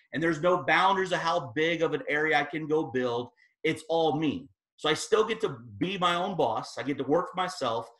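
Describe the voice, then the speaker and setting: A man giving an energetic motivational talk as guest speaker, telling his story with emphatic peaks. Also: fairly high pitch. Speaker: guest speaker at team training. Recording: echoey room.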